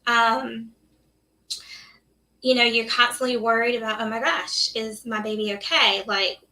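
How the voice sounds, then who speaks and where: Nurse guest, woman, bright and slightly high voice, candid and laughing, heard a little off the mic. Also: steady tone, a little slow, far from the mic, low-quality recording. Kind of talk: casual interview chat.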